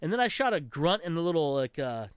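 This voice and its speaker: With a smooth, slightly high voice, this man speaks at a quick pace in a dry, studio-quality recording. As a podcast co-host, he chats casually about gaming, telling stories with energy, swearing, and acting out what people said.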